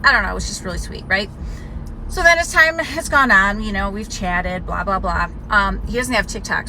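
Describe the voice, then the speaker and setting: A woman telling a personal story in a rambling, confiding way, full of fillers. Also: mid-range voice. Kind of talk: casual storytelling video. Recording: noisy outdoor car ambience.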